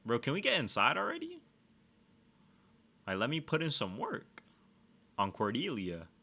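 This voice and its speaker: A man giving casual let's-play commentary, swearing a lot and trash-talking with excitable energy. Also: mid-range voice, normal speed, gravelly. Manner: profane, excitable trash talk. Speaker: gaming streamer.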